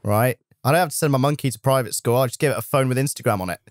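A man's voice: medium pitch, rapid-fire, no echo, studio quality. A man co-hosting a gaming video, chatting casually with a friend while playing, joking and telling silly made-up stories with frequent laughs. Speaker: co-host of a gaming channel.

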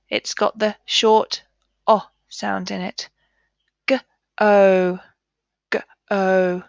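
A woman teaching a children's phonics lesson, sounding out letters and words slowly and clearly. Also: mid-range voice, little pitch movement, no echo.

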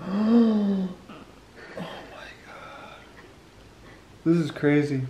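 Low-voiced nervous woman. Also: animated, drawn-out words, dark tone, echoey room, a little hiss or hum. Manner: nervous and giddy, repeats herself. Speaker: mother meeting her newborn niece. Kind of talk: casual family chat.

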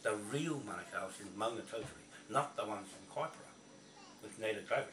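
In a fairly low voice and at a fairly quick clip, a male vlogger delivers an angry rant to camera, full of swearing, repetition and confrontation. The recording sounds far off and echoey, with slight noise.

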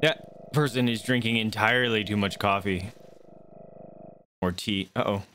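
A man's voice: on the low side, measured pace, sharp tone, a little hiss or hum. A man streaming a video game, chatting casually and reacting aloud to what happens. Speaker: gaming streamer. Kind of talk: casual let's-play commentary. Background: faint game music.

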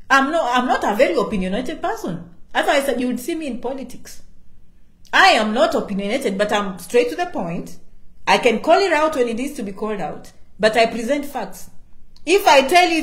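A woman's voice: on the high side, reverberant. A woman vlogger with a foreign accent giving advice, talking straight to her viewers with emphatic repetition and calling herself by name. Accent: foreign-accented English. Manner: emphatic, repeats key words, refers to herself by name. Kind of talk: casual direct-to-camera talk.

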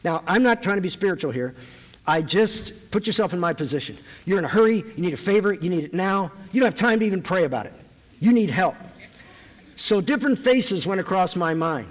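High-voiced guy preaching, lively storytelling, echoey church hall. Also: a little fast. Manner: animated storytelling, acts out voices. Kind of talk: sermon.

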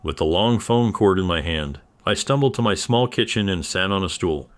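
Deep-voiced man narrating a story. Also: animated, normal speed, hardly any pauses, fairly bright tone. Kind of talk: scripted first-person story narration.

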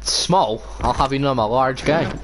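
A man's voice: mid-range voice, moderate pace, crowd noise. A young man chatting casually while gaming, joking and swearing freely. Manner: jokey, swears freely, excitable yelps. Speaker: gaming streamer. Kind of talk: casual gaming chat over voice call. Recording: clear background noise.

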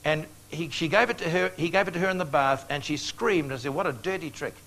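Older man, evangelist preaching to a crowd; storytelling, earnest altar-call push, voice sits a bit high. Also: a little fast, creaky, pushed and bright, low-quality recording.

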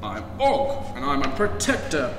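A man voicing a kind monster protector in a slightly lower, calm reassuring voice for a toy story, in an echoey hall with a distant mic. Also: moderate pace, background noise.

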